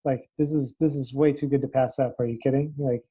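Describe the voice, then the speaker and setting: A young adult man, a tennis coach, telling a story in a casual interview and acting out the dialogue with animated switches of voice. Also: mid-range voice, fairly quick, slightly rough, no echo, low-quality recording. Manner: animated, acts out quoted dialogue. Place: Los Angeles area.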